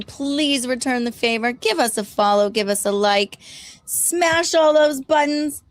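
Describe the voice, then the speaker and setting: A woman co-hosting a casual livestream chat, reading out chat comments and urging viewers to follow. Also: high-pitched. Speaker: co-host.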